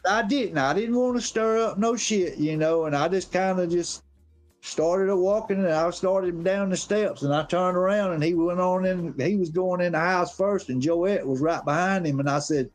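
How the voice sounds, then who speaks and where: A man's voice: sits high, moderate pace, soft background music. A man telling a rambling, profane story as a guest on a live stream. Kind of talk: casual storytelling.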